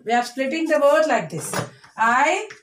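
A woman teaching a class to children. She speaks slowly and deliberately, repeating each word and breaking it into syllables. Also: sits high, lively intonation. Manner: slow, deliberate, repeats words and spells them out in syllables. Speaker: English teacher. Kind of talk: online classroom lesson. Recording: echoey room.

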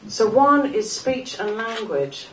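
A woman's voice: a little high, very animated, slow, fairly bright tone, far from the mic. A woman in her forties gives an earnest personal talk with a wry, self-mocking humour. Her voice carries through an echoey room from a mic some way off, with a faint hiss behind. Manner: wry, earnest, laughs at her own jokes. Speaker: speaker at a live talk event. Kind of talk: personal talk to a live audience. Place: small club venue in front of an audience.

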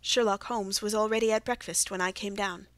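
A woman narrating a classic detective audiobook in a steady, even storytelling manner. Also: mid-range voice, a little fast, no room sound. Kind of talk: scripted narration.

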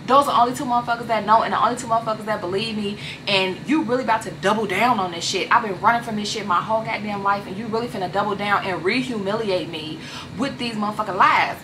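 A woman's voice: mid-range voice, fast talker, background noise, lightly acted. A woman voicing a furious young woman who curses at the man who abused her. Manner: profane, cursing, slangy.

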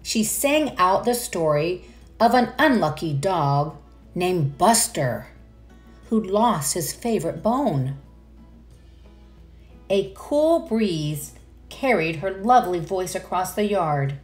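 A woman's voice: fairly low pitch, expressive, slow pace, long pauses, soft background music. A woman reading a children's picture book aloud, with enthusiastic asides to young listeners. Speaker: read-aloud narrator.

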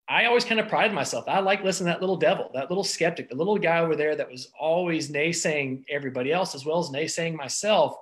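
A man's voice: on the high side, a bit bright. A middle-aged man, a doctor, giving an earnest, personal motivational talk about stress and thoughts, with frequent restarts and fillers. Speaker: doctor giving wellness advice.

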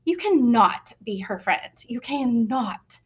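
A woman reads as a ten-year-old boy, an older brother who sulks and snaps back at his sister, pitched a touch high. He sounds defensive and prickly. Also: animated, takes it slowly, slightly rough, heavily acted. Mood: scornful.

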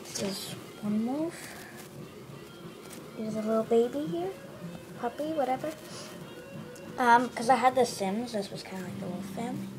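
A woman showing her drawings in a casual show-and-tell, hesitant, with lots of ums and quick self-corrections. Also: fairly high pitch, music in the background.

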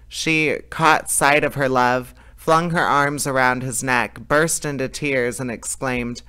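Man, storyteller, reading a fairy tale aloud, plain, steady, bright voice. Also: medium pitch, smooth. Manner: plain, steady, occasional fillers.

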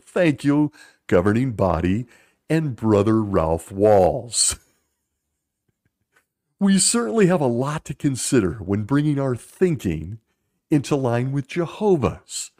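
A man's voice: mid-range voice, warm tone. A man hosting a podcast, giving critical commentary in a sarcastic, mocking way. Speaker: podcast host.

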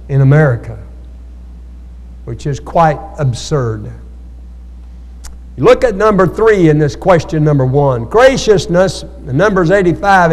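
A male pastor with a high-pitched, darkish voice leads a call-and-response sermon, asking the congregation for amens. It's a Bible study sermon, recorded in an echoey church hall.

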